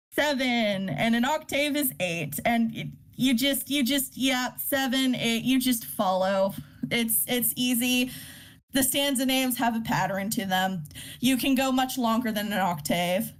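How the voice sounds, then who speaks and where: Casual woman teaching a poetry workshop. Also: fairly high pitch. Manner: casual, with many fillers and restarts; reads poems aloud. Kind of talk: informal live lesson.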